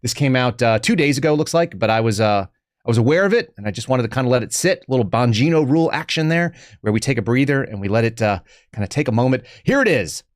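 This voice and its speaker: A man's voice: medium pitch, lively intonation, fast, dry recording. Sarcastic male podcast host, dry sound. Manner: sarcastic, rambling, joking asides. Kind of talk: casual political commentary.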